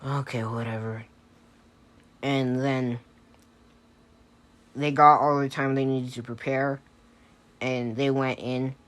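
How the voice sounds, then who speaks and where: Man telling a story off the cuff, slow pace, hesitant, lots of fillers, casual. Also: mid-range voice, little pitch movement, a bit bright, clear, resonant tone. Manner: hesitant, many fillers and restarts. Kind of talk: improvised fan-fiction storytelling.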